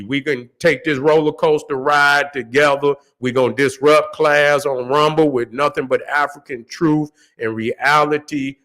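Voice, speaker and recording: High-voiced man ranting fierily. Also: a bit bright. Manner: fiery, preachy, swears freely, repeats words. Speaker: channel host. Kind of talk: profane casual livestream rant.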